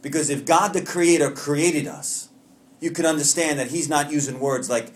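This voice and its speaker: A man from Long Island, New York, with a voice on the high side and a moderate pace, leads a recovery meeting. His personal share to the group is earnest and heartfelt, with humor that mocks himself.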